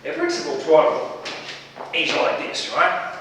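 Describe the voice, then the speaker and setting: A man's voice: on the high side, huge pitch swings, a little slow, bright, forceful tone. A man doing a comic stage monologue. He talks to the audience in a chatty, teasing way, full of asides. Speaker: stage comedian. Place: studio. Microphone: distant microphone. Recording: echoey hall from far off, faint noise.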